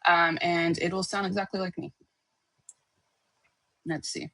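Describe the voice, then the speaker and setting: A woman's voice: lowish voice, little pitch movement, a little slow, fairly bright tone, dry recording. A woman teaching a casual screen-share tutorial, chatty and often checking in with her listeners. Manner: chatty, checks in with "okay?" and "right?". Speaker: online course teacher.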